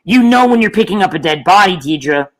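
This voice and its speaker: A woman's voice: on the low side, lively intonation, fairly quick, natural voice, rough recording. A flustered employee, as a woman plays her who is fed up with her boss. She rambles on indignantly, piling up complaints as she goes. It comes across as an improvised comedy scene. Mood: exasperated. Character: flustered put-upon female employee, exasperated.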